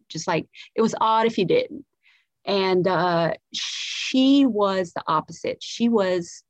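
A comedian from South Carolina with a light Southern accent tells stories as a guest on a podcast. Her voice is lowish and the recording is dry. She's casual, swears freely, and her speech is full of "like" and restarts.

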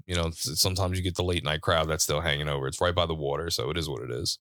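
A man's voice: extremely low pitch, fairly even intonation, fast talker, fairly bright tone, no echo, clean studio sound. A man hosting a podcast, telling a long story in a laid-back, profane way and laughing often. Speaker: podcast host. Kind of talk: casual storytelling chat. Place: studio.

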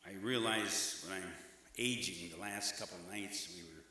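A man's voice: sits low, moderate pace, bright, forceful tone. A middle-aged man preaching a sermon, emphatic and rhythmic, repeating phrases for weight. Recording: echoey hall with long reverb.

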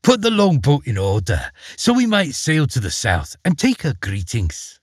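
A man's voice: medium pitch, huge pitch swings, measured pace, breathy edge, dry recording, clean studio sound, full character voice. A man voicing a cunning, murderous queen who speaks with false sweetness in a storybook reading. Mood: honeyed.

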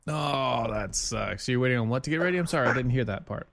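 A man hosting a call-in show in a relaxed, chatty way. He jokes easily, stumbles over restarts and fillers, and speaks at an ordinary pitch for a man. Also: fast, creaky. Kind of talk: casual call-in chat.

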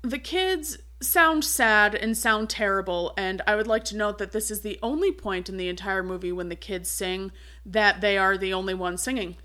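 A woman's voice: mid-range voice, moderate pace, pushed and bright. A woman co-hosting a podcast, recapping a film in casual chat with dry, wry humor. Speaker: podcast co-host.

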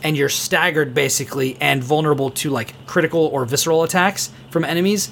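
A man's voice: a little high, a little fast, creaky, fairly bright tone, slight background noise. A man co-hosting a casual gaming podcast, talking eagerly at length with many fillers. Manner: enthusiastic, rambling, heavy on fillers. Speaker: podcast co-host.

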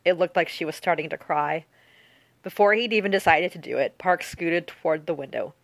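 A woman reading a novel aloud with a steady storytelling delivery. Her voice sits somewhat low, captured close and dry with no room sound. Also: brisk, vocal fry, no echo. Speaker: audiobook narrator. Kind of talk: audiobook narration.

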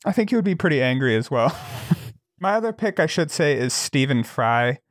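A man co-hosting a podcast in casual chat, loose and profane, laughing often and talking in quick bursts. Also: fairly high pitch, very animated, no room sound, studio quality. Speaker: podcast co-host.

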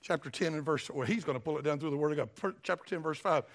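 Man, middle-aged, preacher, high voice, folksy, emphatic. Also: quick pace. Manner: folksy, emphatic, repeats phrases. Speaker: pastor. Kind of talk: sermon.

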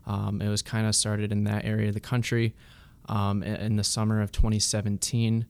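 A man's voice: fairly low pitch, monotone, normal speed, vocal fry, darkish tone, smooth. A young man, a student activist, answering interview questions hesitantly with many ums. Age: young adult.

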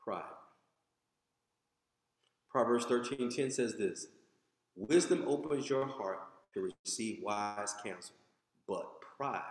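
A man from the United States preaching a sermon, lively and conversational, with asides to the congregation. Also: fairly low pitch. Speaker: pastor. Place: church sanctuary. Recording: echoey hall.

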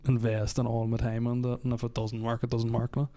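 A man's voice: mid-range voice, monotone, fairly quick, mellow. A young man, co-hosting a podcast and talking hesitantly, ending phrases with "like". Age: young adult. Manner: hesitant, trailing "like". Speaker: podcast co-host. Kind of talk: casual chat.

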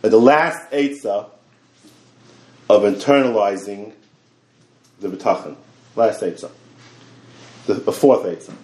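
A man teaching a Torah class in an animated way, repeating words and talking in quick bursts. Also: lowish voice. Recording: echoey room.

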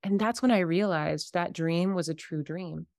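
Her voice is lowish and creaky at a normal pace, recorded cleanly in a studio with no echo. She is a Reiki healer in her thirties, a guest on a podcast, recounting a personal story with animated, casual energy and performing the voices of those she quotes.

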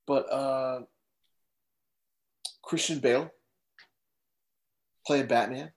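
A man's voice: mid-range voice, steady tone, drawn-out words. A man in casual conversation as a podcast co-host, easygoing and a bit hesitant. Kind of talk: casual chat.

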